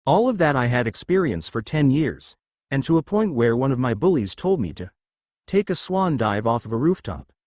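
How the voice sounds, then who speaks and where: Brief: man playing a sincere teenage boy hero making a speech, lively pitch. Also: normal speed, no echo, studio quality, close to an everyday voice. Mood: earnest. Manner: earnest, heartfelt speech. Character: earnest teenage boy hero giving a pledge.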